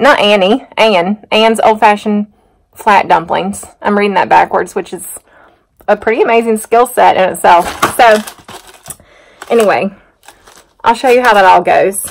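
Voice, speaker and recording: A woman's voice: medium pitch, moderate pace, gravelly, slight background noise. Chatty farm woman. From North Carolina. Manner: chatty, rambling, self-teasing. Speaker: farm vlogger. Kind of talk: casual vlog chat to camera. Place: outdoors on a muddy farm, then a home kitchen.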